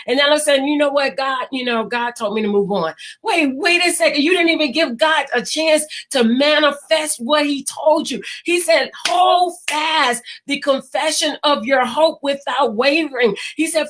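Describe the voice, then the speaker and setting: High-voiced woman preaching a prophetic word. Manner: impassioned, repetitive preaching with slow emphatic quotes and some shouting. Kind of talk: prophetic sermon delivered live online.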